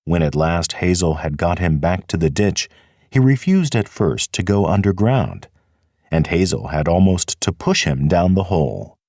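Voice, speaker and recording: An audiobook narrator with a deep male voice reads a scripted passage slowly. His tone is somewhat dark, and the clean studio recording has no echo.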